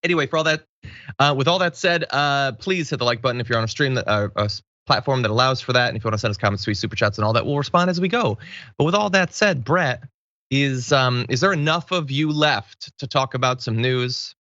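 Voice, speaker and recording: Guy hosting a news talk show, bright voice, bouncy and jokey, dry dullish mic. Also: mid-range voice, fairly quick, no echo, highs cut off. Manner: jokey, animated, laughs often. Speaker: host. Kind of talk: casual news show banter.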